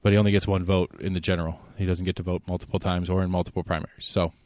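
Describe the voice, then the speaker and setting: A man hosting a solo podcast, giving rambling, opinionated political commentary and thinking out loud. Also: low-pitched, level tone, very fast, dry recording. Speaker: podcast host.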